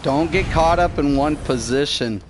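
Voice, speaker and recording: A man's voice: on the high side, normal speed, noisy background. A man hosting a gaming channel, giving live gameplay commentary and swearing constantly at his teammates. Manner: shouting in rage.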